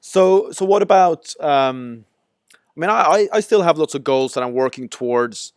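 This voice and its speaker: A man's voice: on the high side, lively intonation, normal speed, smooth, no echo, studio quality. A man hosting an interview who asks a hesitant question full of fillers. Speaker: interview host.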